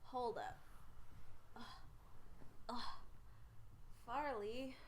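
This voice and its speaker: A woman's voice: a little high, very slow, a little hiss or hum. A woman hosting a casual sports picks stream from home, chatting and rambling as she reads out viewers' picks into a webcam. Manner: rambling and chatty, often loses track. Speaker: host of a sports picks show. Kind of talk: casual livestream chat reading viewer comments.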